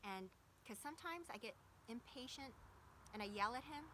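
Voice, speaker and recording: A woman's voice: a little high, animated, moderate pace, fairly bright tone, slight background noise. A woman in her thirties talking in a casual, reflective way, full of fillers and self-corrections. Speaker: vlogger.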